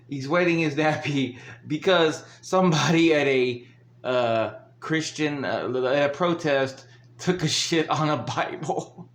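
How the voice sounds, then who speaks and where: A man hosting a reaction video, ranting angrily with heavy swearing and bursts of laughter. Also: fairly high pitch. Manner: angry, swearing, laughs between rants. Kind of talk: profane ranting commentary. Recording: echoey room.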